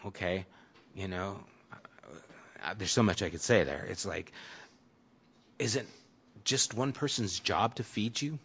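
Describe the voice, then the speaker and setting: Male pastor, bright tense voice, relaxed sermon delivery, muffled lo-fi sound. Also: low-pitched, measured pace, pauses often, slightly rough. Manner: conversational preaching, acts out crowd voices. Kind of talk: sermon, Bible teaching.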